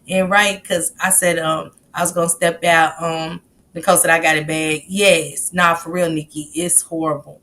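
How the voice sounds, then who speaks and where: A woman's voice: mid-range voice, moderate pace, gravelly, bright, forceful tone. A middle-aged woman hosting a casual livestream, greeting chat viewers by name in loose, slangy talk. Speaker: livestream host.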